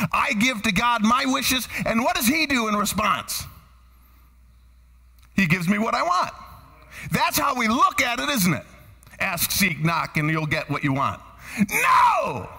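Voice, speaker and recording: Animated, husky-voiced man preaching. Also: high voice, long reverb tail. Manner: animated preaching, quizzing the congregation, shifting from shouts to hushed tones. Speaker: pastor. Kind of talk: sermon. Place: church sanctuary.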